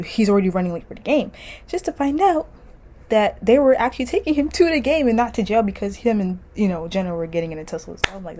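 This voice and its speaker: A woman rants at her computer at home, animated and exasperated, swearing freely as she talks. Her pitch sits in an ordinary middle range. A faint hum runs behind her. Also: poor audio. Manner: animated, profane, exasperated, laughing often. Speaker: vlogger ranting about a TV series. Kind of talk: casual rant to camera.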